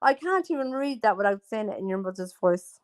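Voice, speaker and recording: A woman's voice: medium pitch, animated, brisk, dry recording. A woman chatting casually at home, rambling through stories with plenty of fillers. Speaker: host. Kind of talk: casual chat.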